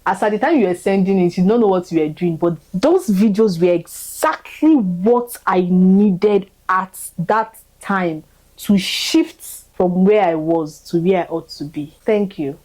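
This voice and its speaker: On a rough recording, a young woman offers a fervent, emotional testimony of gratitude in a medium-pitched, slightly mellow voice at a measured pace. Her words repeat and her voice climbs as her feelings build.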